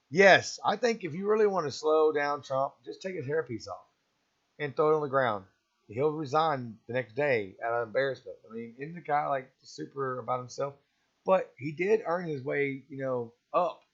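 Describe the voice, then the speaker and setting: A man hosting a casual live-stream chat, rambling and opinionated, often chuckling. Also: mid-range voice. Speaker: stream host. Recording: slightly dull, lo-fi stream audio.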